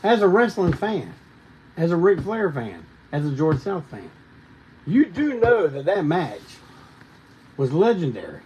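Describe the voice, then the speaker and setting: A man's voice: fairly high pitch, very animated, unhurried, pauses often, darkish tone, slight background noise. A man hosting a podcast, chatting casually with his guest and mostly answering with short agreements. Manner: brief affirmations, frequent laughter. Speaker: podcast host. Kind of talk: casual interview chat. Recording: dull lo-fi mic.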